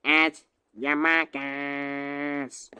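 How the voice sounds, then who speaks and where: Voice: mid-range voice, level tone, extremely slow, bright, forceful tone, clean tone, heavily acted. A performer voicing a chatty cartoon companion who asks puzzled questions.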